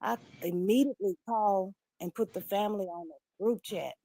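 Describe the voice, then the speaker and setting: A middle-aged woman talks bluntly, acting out each quoted voice with animated storytelling. She speaks over remote call audio that at times comes through low. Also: moderate pace, dry recording. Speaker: livestream caller. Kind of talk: candid personal story on a livestream. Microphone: remote call audio, sometimes low volume.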